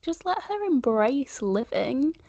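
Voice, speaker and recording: A woman's voice: high voice, dry recording, highs cut off. Chatty young woman. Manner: chatty, animated, quick to laugh. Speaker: podcast co-host. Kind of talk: casual chat. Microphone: video call. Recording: dry close sound over a call.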